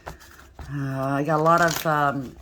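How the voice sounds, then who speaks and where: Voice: medium pitch, little pitch movement, slow pace, pushed and bright. A tarot reader gives a casual reading aloud and talks straight to the listener, checking in over and over as the cards come up. The speaker trips over words at times and starts again. Faint noise sits under the voice. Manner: addresses the listener directly with frequent rhetorical checks; stumbles and restarts while talking.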